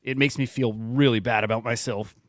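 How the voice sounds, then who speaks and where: A man's voice: medium pitch, fairly even intonation, fairly quick, no room sound, studio quality. A man hosting a live stream, talking loosely and with self-deprecating jokes. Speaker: show host. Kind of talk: casual live-stream chat.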